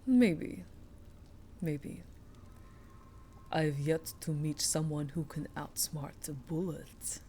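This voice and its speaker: A woman putting on a Russian accent, playing a cold, menacing gunslinger with a slow, deadpan delivery. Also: low voice, slight background noise, pitched below the performer's own voice. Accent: put-on Russian.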